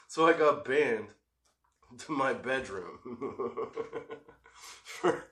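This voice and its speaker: A man's voice: mid-range voice, sing-song, drawn-out words, long pauses, heavy background noise. A middle-aged man and father telling a story in a casual vlog, rambling, swearing freely and laughing as he goes. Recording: echoey room.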